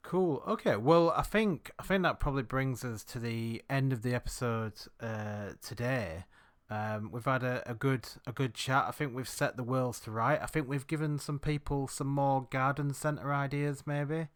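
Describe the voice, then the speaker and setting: A man's voice: mid-range voice, normal speed. A man with a Yorkshire accent hosting a casual podcast chat, rambling through stories and laughing easily. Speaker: podcast host.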